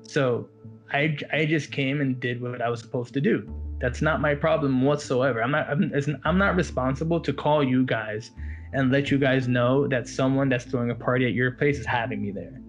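A man working as a walk-around magician, telling a story in an animated, casual chat. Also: mid-range voice, normal speed, faint music behind. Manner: animated, quotes others in his story.

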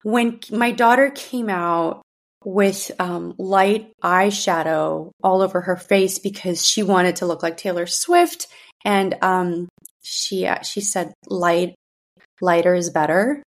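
Candid mother with a gravelly edge. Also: fairly low pitch, slow pace. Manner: candid, conversational, many restarts and fillers. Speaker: podcast host. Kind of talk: personal monologue.

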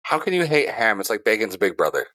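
A man's voice: fairly low pitch, sing-song, quick pace, bright, forceful tone, no room sound. A man co-hosting a casual podcast, easygoing and agreeable, chatting about food. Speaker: podcast co-host.

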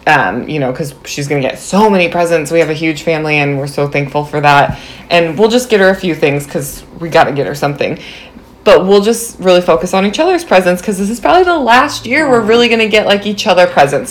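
A young woman in her twenties chats to her viewers in a bubbly, animated way, her pitch sitting a bit low. She leans heavily on casual fillers as she tells her story. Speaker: vlogger.

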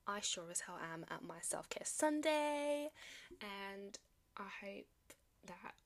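Gravelly, upbeat woman. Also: medium pitch, animated, slow, no echo. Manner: chatty, upbeat and motivational, with slangy asides and laughter. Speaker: podcast host. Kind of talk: casual solo podcast chat.

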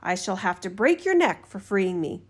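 A woman voicing a huge, haughty male spirit from a bottle in a storybook reading, speaking slowly and menacingly. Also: sing-song, slightly rough. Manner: slow, booming, haughty.

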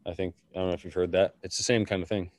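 A man's voice: deep voice, fairly even intonation, racing, darkish tone. A man co-hosting a podcast, talking in a rambling, loose way with many fillers and restarts. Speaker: podcast co-host. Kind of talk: casual chat.

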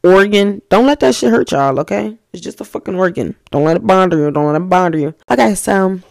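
A young woman hosting a podcast, telling stories in a blunt, profane, animated way. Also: medium pitch, fairly quick, vocal fry, no echo, clean studio sound. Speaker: podcast host. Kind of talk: casual storytelling.

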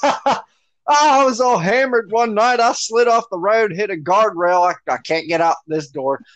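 A man's voice: sits high, measured pace, fairly bright tone, no echo, pitched above the performer's own voice. A man putting on a rowdy drunk repairman. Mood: boisterous. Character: drunk rowdy male repairman telling excuses.

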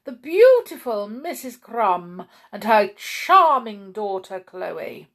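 A woman voicing an excitable, chatty male shopkeeper in a storybook reading, eager and effusive. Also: takes it slowly, exaggerated voice. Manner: eager, effusive, high-pitched.

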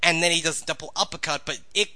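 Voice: mid-range voice, quick pace, sharp tone. A podcast co-host giving thoughtful opinions on a movie in a casual chat.

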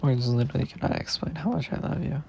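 Gravelly young man, softly affectionate. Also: medium pitch, quick pace, lo-fi sound, slight background noise. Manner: tender, rambling, teasing, drops into soft whispers. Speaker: podcaster speaking to his girlfriend. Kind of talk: intimate personal voice message.

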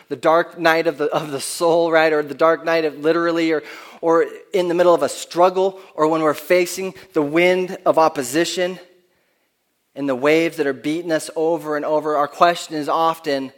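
Earnest man preaching, voice fairly high. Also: fairly even intonation, normal speed. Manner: earnest, conversational preaching with frequent restarts. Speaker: pastor. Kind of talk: sermon.

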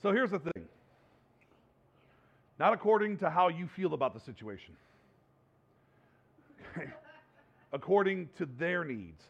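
A man delivers a sermon in an earnest way, circling back to his words and restarting lines. His voice sits high and carries a gravelly fry. The recording sounds dull and lo-fi. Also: expressive, measured pace, pauses often, fairly bright tone. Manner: earnest, repeats words and restarts, laughs between points. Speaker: pastor.

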